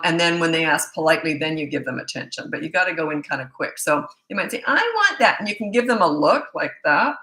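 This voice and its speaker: A middle-aged woman coach fields parenting questions live, her low voice fraying as it gives out. She speaks with a bright, forceful edge. The sound bounces around a roomy space. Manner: blunt, casual, loses track mid-thought. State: losing her voice. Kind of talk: live Q&A, answering viewer questions.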